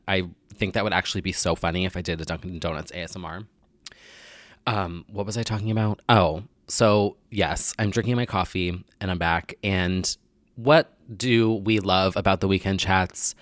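A man's voice: sits low, dry recording, studio quality. A young man hosting a casual solo podcast, slightly nasal from a sinus infection, rambling and joking crudely. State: getting over a sinus infection. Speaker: podcast host.

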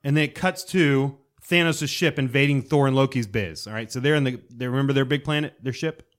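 A man co-hosting a casual podcast chat, excitedly retelling a story and acting out characters and sound effects. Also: mid-range voice, a little fast. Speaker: podcast co-host.

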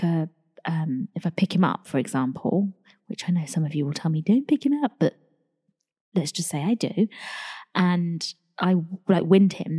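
A young woman chats through her solo podcast in a confiding, friendly way, calling listeners darlings. Her voice sits low and mellow with a slightly husky edge. The recording carries a long reverb tail. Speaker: podcast host. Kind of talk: casual solo podcast chat.

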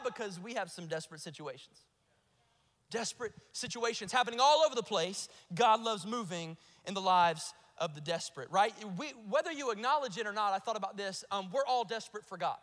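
High, bright-voiced Southern preacher. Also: male voice, expressive, a little fast. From South Carolina, US. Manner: emphatic preaching with repetition and rising peaks. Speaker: pastor. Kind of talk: sermon. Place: large church auditorium. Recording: live sermon with long hall reverb.

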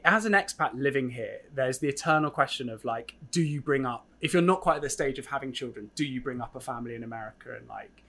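A man's voice: mid-range voice, sharp tone. A young man from England co-hosting a podcast, asking long, hesitant questions with many restarts. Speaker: podcast co-host. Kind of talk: casual interview chat.

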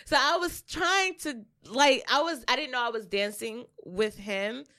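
Profane, animated young woman telling a story. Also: high-pitched, measured pace. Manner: profane, animated, acts out quotes. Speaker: podcast co-host. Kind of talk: casual storytelling.

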